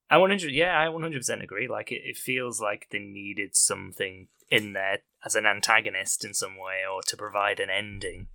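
A man hosts a relaxed film podcast in a lowish voice with a bright, forceful edge. He is chatty and giggly, often breaking into laughter mid-sentence. The sound is dry and close. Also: normal speed, gravelly, no room sound. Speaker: podcast host. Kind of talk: casual film podcast chat.

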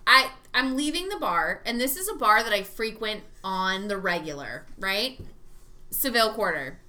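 A tipsy woman telling stories in casual chat, animated and swearing freely. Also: medium pitch, normal speed. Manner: animated, profane storyteller. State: tipsy from drinking.

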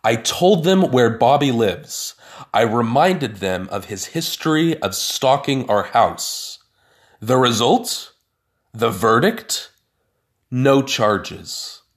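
A man voicing a boastful, blustering brother-in-law who rants loudly and indignantly. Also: mid-range voice, big pitch swings, slow, voice pushed up. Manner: loud indignant ranting.

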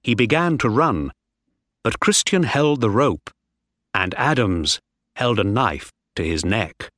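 A man reading a story aloud clearly and slowly, as in a graded-reader audiobook. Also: lowish voice, expressive, fairly bright tone, no echo, studio quality.

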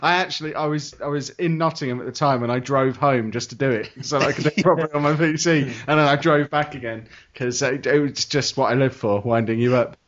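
A man's voice: medium pitch, quick pace, few pauses, fairly bright tone. A man hosting a podcast, chatting in a jokey, teasing, rambling way. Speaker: podcast host. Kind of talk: casual chat. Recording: dull lo-fi mic.

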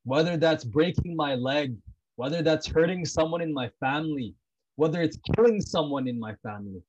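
Intense, husky man on a dull recording. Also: a little high, lively intonation, normal speed, a little mellow. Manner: intense, repetitive, blunt, swears freely. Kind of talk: heartfelt personal talk about prayer.

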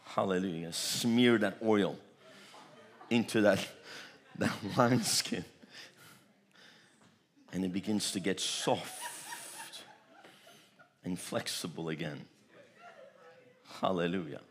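A man's voice: deep voice, slow pace, pauses often. A man preaching a charismatic sermon, repeating phrases, chuckling often and breaking into tongues. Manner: repetitive, chuckling, bursts into tongues.

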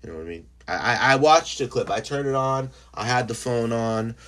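A young man hosting a casual solo podcast who is high, rambling and swearing freely between fillers. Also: a little fast, a bit bright. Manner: rambling and profane, full of fillers. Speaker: podcast host.

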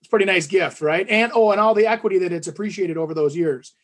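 A man with a high, husky voice hosts a relaxed podcast conversation. He tells rambling stories full of fillers and restarts. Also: quick pace. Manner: talkative storyteller, many fillers and restarts. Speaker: podcast co-host. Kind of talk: casual chat.

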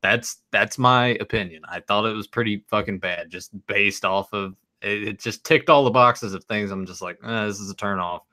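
A man's voice: lowish voice, moderate pace, few pauses, sharp tone. A man co-hosting a casual podcast chat, stammering through restarts, blunt and joking. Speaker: podcast co-host.

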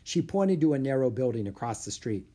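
A reader narrating a children's storybook aloud with an expressive, lively delivery. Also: mid-range voice, fairly quick. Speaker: audiobook reader.

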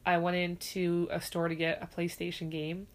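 A woman's voice: lowish voice, monotone, moderate pace. A woman, a mother, chatting casually and candidly, swearing freely and acting out quoted lines. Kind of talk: casual chat.

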